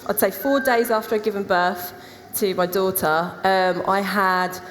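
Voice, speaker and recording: A woman's voice: medium pitch, fairly even intonation, unhurried. A woman on a live panel telling a bawdy, frank story, laughing as she goes. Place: stage in a large hall with live audience. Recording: echoey hall, noisy room.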